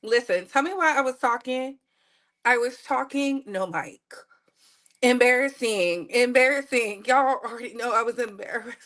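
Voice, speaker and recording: A woman's voice: a little high, normal speed, a bit bright. A woman hosting a casual live stream, chatting playfully with viewers and repeating her phrases. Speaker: livestream host.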